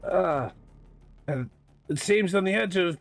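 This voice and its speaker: A man's voice: high-pitched, expressive, takes it slowly. A man playing a tabletop game, joking and laughing often in casual chat. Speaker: player.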